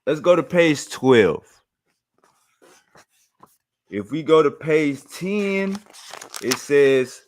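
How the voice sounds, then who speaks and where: A man's voice: medium pitch, expressive, slow pace, pauses often. A man hosting a show, reacting to a clip in casual, blunt, mocking commentary with plenty of profanity.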